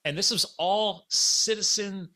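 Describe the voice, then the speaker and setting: Here the middle-aged podcast host's voice sits high and his pace is slow. Chatting casually, he narrates a story with animation, voicing the quoted dialogue himself.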